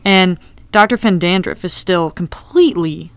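A woman's voice: lowish voice, moderate pace, no room sound. A woman in casual podcast chat, recapping TV scenes and reading quotes aloud. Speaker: podcast co-host.

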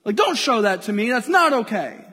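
High-voiced male pastor in a reverberant church. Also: fairly quick, breathy edge. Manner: lively, playful, draws the congregation in. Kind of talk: sermon. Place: church sanctuary with a congregation. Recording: long hall reverb from a church.

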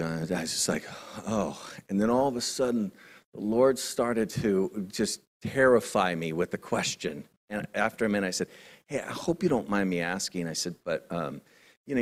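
A male minister preaching a sermon, telling a personal story and moving between raised, emphatic passages and low, hushed ones.

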